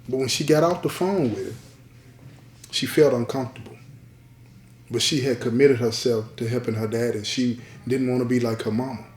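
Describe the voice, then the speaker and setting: A man's voice: medium pitch, moderate pace, darkish tone, echoey room. A man hosting a podcast, telling a story in a casual way, repeating key lines and checking in with his listeners.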